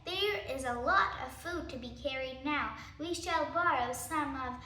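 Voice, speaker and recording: A woman's voice: high voice, a little slow, pushed and bright, reverberant. A woman voicing a clever, confident fox father in a storybook reading. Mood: sly.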